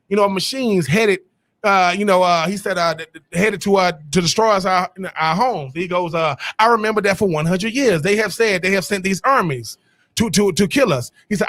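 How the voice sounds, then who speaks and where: A man's voice: sits high, a bit bright. A man co-hosting a sports podcast, arguing casually about players and movie speeches, rambling and restarting his sentences often. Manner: rambling, restarts often, Southern-tinged slang.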